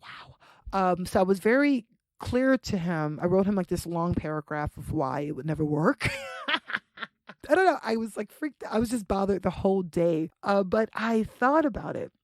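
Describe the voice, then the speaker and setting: A young woman tells a wild dating story on her podcast, her pitch swinging up and down as she acts out every line of dialogue. She swears freely and keeps it casual and conversational. The sound is close and dry, with no room around her. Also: normal speed, no room sound. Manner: animated, profane, acts out quotes with big pitch jumps. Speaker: podcast host.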